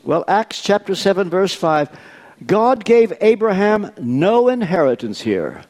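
An older man in his eighties preaching a sermon, deliberate and posing rhetorical questions to his congregation. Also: high voice, big pitch swings, darkish tone. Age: 80s.

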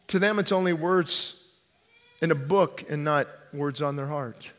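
A male pastor preaching a sermon, swinging between hushed pleading and fervent shouting and repeating phrases for emphasis. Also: high-pitched, normal speed, big-room sound. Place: church sanctuary.

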